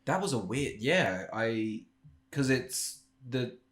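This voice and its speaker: A man's voice: medium pitch, big pitch swings, takes it slowly, a bit bright. A man co-hosting a casual film podcast, laughing often and restarting his sentences. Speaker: podcast co-host. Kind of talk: casual film-review chat.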